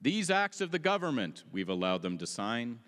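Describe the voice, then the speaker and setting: A man with a smooth, resonant voice presents an informal history talk at a meeting, breaking things down with offhand jokes. His voice rings with the long reverb of a large hall. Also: mid-range voice, very animated, normal speed, fairly bright tone. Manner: casual, joking asides. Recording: echoey hall.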